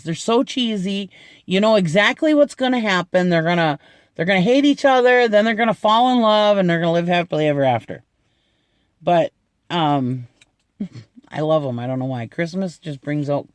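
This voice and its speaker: A man's voice: sits high, no echo, clean studio sound. A middle-aged man chatting casually in an unboxing video, gushing and laughing often as he talks. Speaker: unboxing vlogger.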